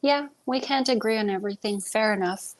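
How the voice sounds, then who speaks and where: A woman's voice: medium pitch, fairly quick. A woman hosting a casual livestream from home, chatting to viewers about movies with a rambling manner and many ums. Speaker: livestream host. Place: at home with pets.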